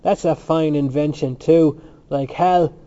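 A man voicing a brash, scornful young male student who argues loudly, in a muffled recording. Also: fairly high pitch, steady tone, natural voice. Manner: provocative, loud and quick to argue.

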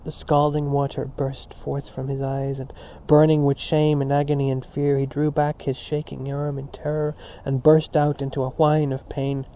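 Dark-voiced man reading literary fiction. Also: mid-range voice, monotone, moderate pace, few pauses, lo-fi sound. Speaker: audiobook narrator. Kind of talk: literary audiobook narration.

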